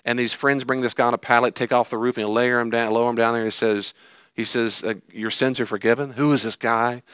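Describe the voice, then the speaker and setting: Guy preaching a sermon, mid pitch, super animated, jumps loud then drops low, dry close sound. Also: smooth, no echo. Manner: animated, voices quoted figures, big pitch swings and sighs. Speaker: pastor. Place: church hall.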